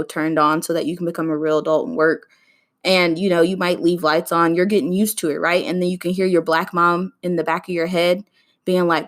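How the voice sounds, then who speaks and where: A woman in her twenties hosting a casual solo podcast, chatting and ranting straight to her listeners. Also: fairly low pitch. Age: 20s. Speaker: podcast host.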